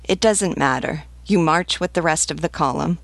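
A woman reading the part of a calm, decisive male commander in an audiobook reading. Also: sits low, vocal fry, dry recording. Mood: measured. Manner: measured, decisive.

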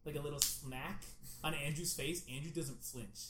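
Young guy, high-pitched storyteller, echoey room, excitable, full of "like". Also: normal speed, a crowd in the background. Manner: excitable storytelling, lots of "like", acts out quotes loudly. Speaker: storyteller in a group chat. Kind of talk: casual chat, animated anecdote.

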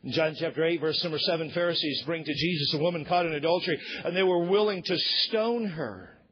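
Give me a high-voiced, husky preacher man. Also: brisk, lo-fi sound. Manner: emphatic preaching, rising to shouts and dropping low. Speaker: pastor. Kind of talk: sermon.

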